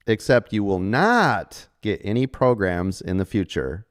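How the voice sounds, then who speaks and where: Expressive and measured, this middle-aged man's lowish voice carries a live trading stream where he addresses members. He's casual and salesy, joking around and often asking "right?" without waiting for an answer.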